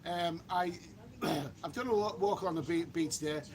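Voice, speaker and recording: A man's voice: on the high side, normal speed, darkish tone. Rambling English man on a beach stream. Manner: rambling, chatty, frequent restarts and mild swearing. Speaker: travel vlogger live-streaming. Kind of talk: casual live-stream chat reading viewer comments. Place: outdoors by a beach.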